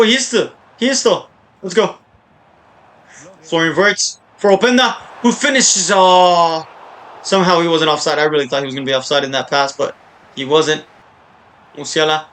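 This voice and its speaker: A man giving casual, rambling live commentary while playing a soccer video game, often breaking into excited shouts and cheers. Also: on the high side, a little fast. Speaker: gaming YouTuber.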